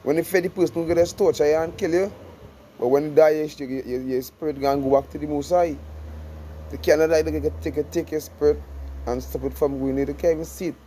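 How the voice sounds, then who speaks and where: Man teaching scripture, mellow voice. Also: on the high side, fairly even intonation, slight background noise, rough recording. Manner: reads verses slowly, then explains in loose repeated phrases. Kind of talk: informal scripture study sermon.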